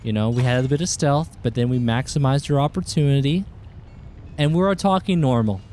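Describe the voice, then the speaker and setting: A man's voice: medium pitch, fairly quick, slight background noise. Chatty male game streamer. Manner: chatty, greets chat viewers, excitable outbursts. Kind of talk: casual live-stream commentary.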